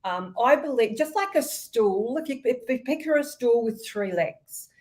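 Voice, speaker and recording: A woman from Australia with an Australian accent, a sales expert explaining her ideas in an interview, thoughtful and measured. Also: a little high, expressive, darkish tone. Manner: thoughtful, measured, with ums and light laughs. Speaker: podcast guest, sales expert.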